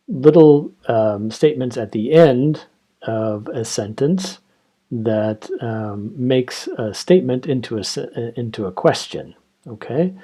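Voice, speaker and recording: A man's voice: medium pitch, dark tone. A man teaching English grammar, explaining carefully and reading example sentences aloud. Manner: slow, explanatory, reads example dialogues aloud. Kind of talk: grammar lesson.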